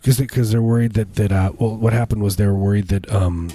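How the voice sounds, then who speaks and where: A man co-hosting a casual comedy podcast, rambling and joking, now and then slipping into high mocking voices. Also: steady tone, brisk, warm tone. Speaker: podcast co-host. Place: Portland, Oregon.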